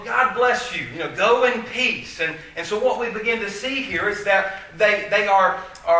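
A man preaching a sermon as pastor, earnest, with frequent restarts and slow, stressed phrases. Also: sits high, sharp tone. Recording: very echoey hall, voice from far off.

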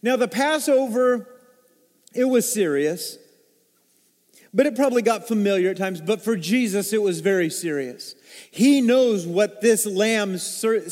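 A man preaching a sermon as pastor, swinging between loud emphasis and hushed, low asides. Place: church sanctuary. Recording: long hall reverb.

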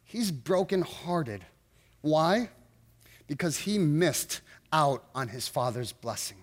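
A middle-aged male pastor preaching a sermon in an earnest, halting way, often restarting his sentences. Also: a little high, lively intonation.

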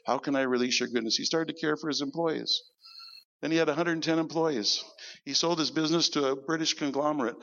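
A man preaching as pastor, telling stories in an animated sermon and quoting people in a lower voice. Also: long reverb tail, lo-fi sound. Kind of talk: sermon storytelling. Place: church service.

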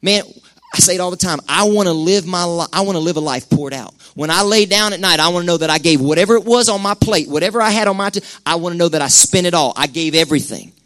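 A man preaches to his church in a relaxed, conversational way. His voice sits a little high, and he swings from loud, pressing bursts to hushed, quiet lines. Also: fast. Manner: impassioned, conversational preaching with sudden loud peaks and hushed drops. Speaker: pastor. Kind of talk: sermon. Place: church sanctuary.

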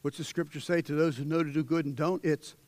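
A young man delivers a fervent sermon in a fairly high voice. He drops to a hush, then climbs into loud, ringing exhortation. The sound is dry and close. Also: fairly even intonation, quick pace, no echo. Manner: swings between hushed intensity and loud, rising exhortation. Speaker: preacher.

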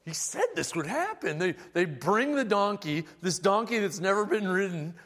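Animated preacher man in a reverberant hall. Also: high voice, moderate pace. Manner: casual storytelling, animated and humorous. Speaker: pastor. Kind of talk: sermon.

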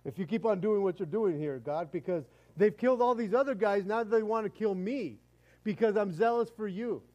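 An exasperated prophet protests his loyalty in a raised, loud, defensive voice, as a man voices him mid-sermon. The pitch sits high and the tone stays warm and mellow. He keeps pleading his case. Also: moderate pace, lo-fi sound, natural voice. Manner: loud, rising, defensive complaining.

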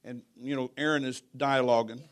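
A man preaching a sermon in a church, telling a story with jokes and swinging from hushed to loud. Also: mid-range voice, steady tone, a little fast, clean tone.

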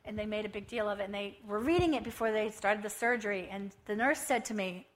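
A woman around fifty, a missionary giving a lively testimony at a church service and telling her story with acted-out dialogue. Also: mid-range voice, fast. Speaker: missionary speaker.

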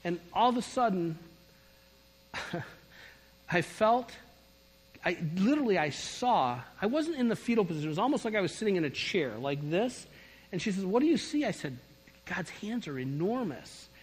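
Brief: middle-aged male preacher, husky, emphatic testimony sermon, reverberant church hall. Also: high voice, normal speed, long pauses. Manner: storytelling, animated, emphatic. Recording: long reverb of a large hall.

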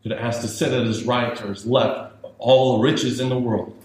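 A man's voice: mid-range voice, level tone, normal speed. Man preaching in a very echoey church. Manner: emphatic preaching with repetition, rising to raised urgency. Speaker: pastor. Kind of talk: sermon. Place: church sanctuary. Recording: very echoey church with faint hiss.

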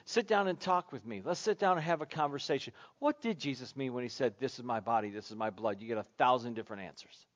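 Impassioned preaching man, slightly muffled. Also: mid-range voice. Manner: impassioned, repetitive preaching cadence. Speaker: pastor. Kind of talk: sermon.

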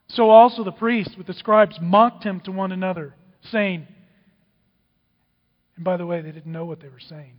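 A man preaching a sermon, dramatic, swinging from loud outbursts to hushed whispers. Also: sits high, normal speed. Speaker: pastor. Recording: dull, with long hall reverb.

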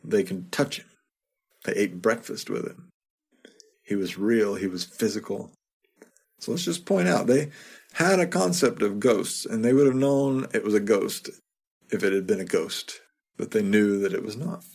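A man giving a sermon as a pastor, talking in a conversational way, often repeating a word and adding quick asides. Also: lowish voice, animated, vocal fry, a little mellow, slightly rough. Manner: conversational, repeats words, chuckles to himself.

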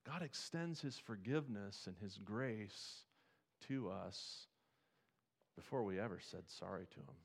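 A man preaching a sermon in a conversational way, asking the congregation rhetorical questions and building to emphatic high points. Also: animated, unhurried, vocal fry, husky. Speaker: pastor.

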